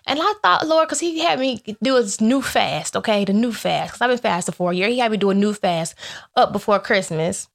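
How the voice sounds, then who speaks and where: A woman talking to her viewers about faith in a loose, chatty way. She tells her stories with lots of animation, acting out both sides of each exchange. Her voice sits at an ordinary middle pitch. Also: a little fast, creaky. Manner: animated storytelling that acts out her own and God's replies; chatty, with playful asides to viewers. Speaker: faith vlogger. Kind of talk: casual faith talk to viewers.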